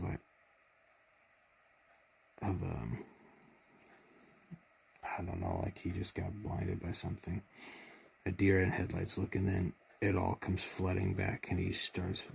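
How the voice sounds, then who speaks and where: A man's voice: little pitch movement, a little slow, long pauses, a little mellow, a little hiss or hum. A man retelling a favorite TV episode in casual fan commentary, heartfelt and rambling, choked up with emotion. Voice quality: deep gravelly husky voice.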